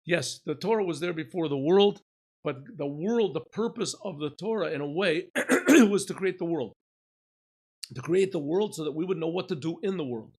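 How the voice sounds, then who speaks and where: A man, a rabbi, giving an informal Torah lesson, asking and answering his own questions and often clearing his throat. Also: on the high side, normal speed. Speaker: rabbi teaching a class.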